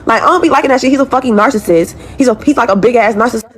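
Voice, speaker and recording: A woman's voice: fairly high pitch, rapid-fire, husky. A young woman venting a profane, exasperated rant to her followers, repeating herself as she talks about her struggles. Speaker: woman in a viral video clip.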